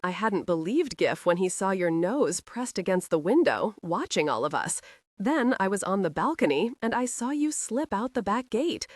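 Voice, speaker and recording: A woman's voice: mid-range voice, big pitch swings, moderate pace, no room sound, clean studio sound. A woman voicing a brash, arrogant young man who teases and needles, read in an audiobook. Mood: teasing. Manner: mocking, needling. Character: brash young male horseman, teasing and arrogant.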